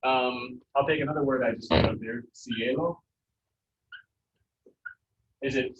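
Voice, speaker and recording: A man's voice: mid-range voice, unhurried, pauses often, background noise. Casual man teaching in an echoey classroom. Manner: casual, filler-heavy explaining. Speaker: Spanish teacher. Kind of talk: classroom lesson. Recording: echoey, distant, dull classroom recording.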